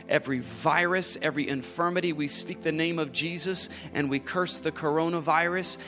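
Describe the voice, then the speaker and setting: Fervent high-voiced preacher. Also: male voice. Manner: swells from hushed whispers to fervent near-shouting; repeats phrases with rising emphasis. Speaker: pastor. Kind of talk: sermon.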